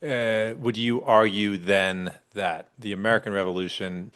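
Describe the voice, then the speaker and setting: A man's voice: fairly low pitch, steady tone, a little slow, fairly bright tone, clean tone. A man hosting a podcast, asking brief, reflective interview questions. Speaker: podcast host.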